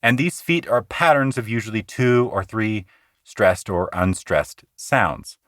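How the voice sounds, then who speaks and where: A man with a fairly low voice leads a poetry lesson for his podcast. He is earnest and conversational, rushing through asides and slowing right down to sound out rhythms. The sound is dry and close, with no room around it. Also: animated, a bit bright, no echo. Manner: earnest, explanatory, slows down to recite lines rhythmically. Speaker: podcast host teaching poetry.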